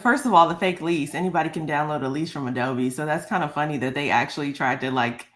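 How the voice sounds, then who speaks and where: A woman guest on a reaction show, giving measured, wry comments. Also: low voice, a bit bright.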